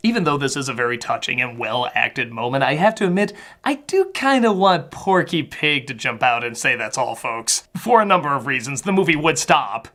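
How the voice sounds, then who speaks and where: A woman reviewing a film as comedic narration, sarcastic, with sudden shouted outbursts. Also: very deep voice, animated, brisk, hardly any pauses, faint music behind.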